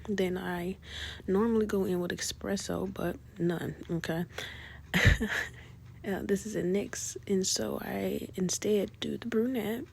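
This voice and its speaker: A woman talks through her makeup routine in an easy, rambling way, stopping on "um" and fixing her words as she goes. Her delivery stays level, with little rise and fall, and a lot of creaky fry. A faint hiss sits under her voice. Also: medium pitch, takes it slowly. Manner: relaxed and chatty, full of "um" and self-corrections. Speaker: beauty vlogger. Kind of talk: casual makeup tutorial narration.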